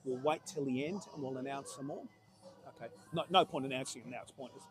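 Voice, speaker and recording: A man announcing lifters at a powerlifting competition, chatty and musing aloud between loud cheers for good lifts. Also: mid-range voice, quick pace. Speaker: meet announcer. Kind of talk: live powerlifting commentary.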